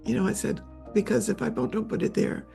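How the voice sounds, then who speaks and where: Faint music sits behind this older woman, a memoir author being interviewed, as she recounts a personal story haltingly, repeating words while tearing up. Her pitch is medium and barely moves, and her tone is creaky and mellow.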